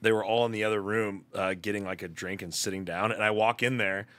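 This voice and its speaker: A man's voice: lowish voice, fairly even intonation, brisk, fairly bright tone, dry recording. A man who plays in a band, a guest on a casual podcast, telling a rambling story full of restarts. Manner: rambling anecdote with many restarts and fillers.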